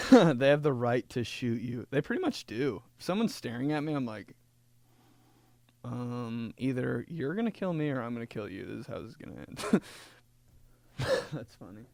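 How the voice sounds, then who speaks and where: Young male podcast host, rambling comic storyteller, very animated pitch, dry close sound. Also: moderate pace, vocal fry, long pauses, dry recording. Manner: rambling, laughing, fond of voices. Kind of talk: casual comedy podcast chat.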